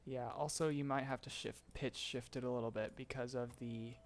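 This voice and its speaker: A man explaining vocal tuning in a relaxed live-stream tutorial, chatting and laughing with his chat between explanations. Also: medium pitch, moderate pace. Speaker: streamer teaching voicebank tuning.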